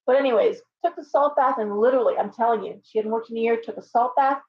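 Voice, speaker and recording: A woman's voice: fairly high pitch, quick pace. A woman hosting a live show as a tarot reader, talking in a chatty, rambling, blunt way with frequent restarts. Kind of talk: casual live-stream chat. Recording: dull lo-fi sound with faint hum.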